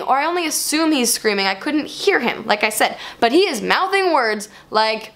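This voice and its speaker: A woman vlogger telling a personal story to camera in an animated, expressive way. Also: high-pitched, moderate pace, few pauses.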